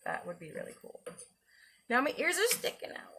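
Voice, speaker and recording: A woman's voice: high-pitched, very animated, normal speed, background noise. A woman chatting casually with her viewers while she cooks on a livestream, giggling now and then. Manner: chatty, giggly, talks to chat while cooking. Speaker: livestreamer cooking. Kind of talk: casual cooking livestream chat.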